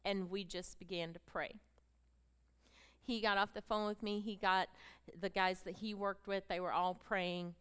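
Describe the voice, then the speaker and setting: A middle-aged woman speaks on stage, giving a heartfelt personal testimony to a women's gathering. Her voice is bright and crisp, and she brings the story to life with emotional delivery and acted-out dialogue. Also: mid-range voice, flat delivery, measured pace. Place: stage presentation with slides.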